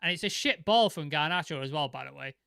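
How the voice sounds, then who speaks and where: Bright, excitable sweary man. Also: a little high, fast, gravelly, clear, resonant tone, no echo, studio quality. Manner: excitable, swears a lot, vivid comparisons. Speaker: football podcast co-host. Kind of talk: casual sweary football chat.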